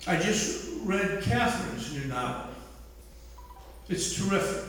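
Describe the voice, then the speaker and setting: A man's voice: high-pitched, very animated, fairly bright tone. An older man, an author telling self-mocking stories to an audience in a large hall. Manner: anecdotal, self-mocking, drawn-out delivery. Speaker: author speaking at an event. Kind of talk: humorous storytelling talk. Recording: echoey hall, distant mic, faint noise.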